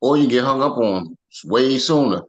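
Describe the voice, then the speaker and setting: A man's voice: medium pitch, expressive, moderate pace. A man co-hosting a casual chat, reacting with hype and jumping in to interrupt. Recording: dull lo-fi sound.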